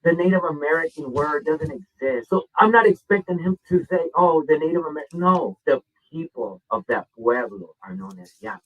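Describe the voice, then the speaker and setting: A middle-aged man from Mexico telling a personal story in an animated, sarcastic way and acting out the quoted lines. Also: a little high, normal speed, hardly any pauses. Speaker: commentator in a reaction clip. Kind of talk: storytelling monologue. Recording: muffled phone-like sound from a distance.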